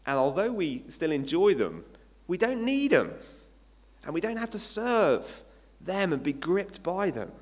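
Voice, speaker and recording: A man's voice: high-pitched, big pitch swings, measured pace. A male pastor giving a sermon in a conversational way, asking his listeners rhetorical questions. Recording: long hall reverb.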